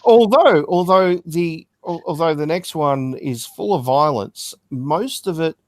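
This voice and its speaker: Man with a lively, varied pitch. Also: measured pace, no echo, clean studio sound. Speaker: podcast co-host. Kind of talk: casual movie discussion.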